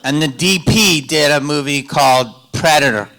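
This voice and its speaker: A man telling stories as a guest on a convention panel, loose and joking, going from loud asides to quiet, confiding stretches. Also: fairly high pitch, moderate pace, heavy background noise. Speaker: panel guest, actor and comedian.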